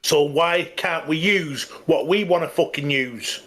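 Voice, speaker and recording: A man's voice: a little high, measured pace, a bit bright. A man chatting as a guest on a live stream, blunt and sweary. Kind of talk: casual chat.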